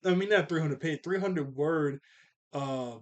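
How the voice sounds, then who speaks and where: Chill young guy going over a cartoon episode, slangy, laughs here and there, kinda high voice. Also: measured pace, highs cut off. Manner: laid-back, chuckling asides, slangy. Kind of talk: casual episode recap.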